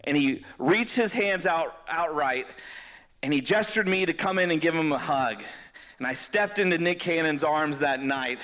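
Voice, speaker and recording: Guy doing stand-up, high bright voice, bouncing all over the place. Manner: animated, laughing between lines. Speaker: comedian. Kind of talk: stand-up storytelling.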